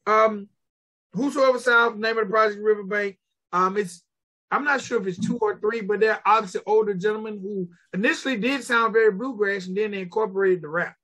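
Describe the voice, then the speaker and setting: Bright-voiced playful woman co-host. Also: medium pitch, fairly quick. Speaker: podcast co-host. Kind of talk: casual music review chat.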